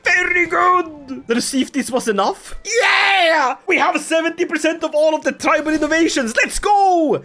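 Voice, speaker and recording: A video creator giving comedic, joke-filled commentary over a strategy game. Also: medium pitch. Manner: jokey, animated, playful asides.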